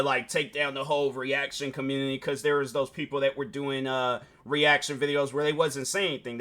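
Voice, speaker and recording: A man's voice: medium pitch, bright, forceful tone. A man chatting casually on a reaction stream, rambling with many fillers. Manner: rambling, filler-heavy talk. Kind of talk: casual chat.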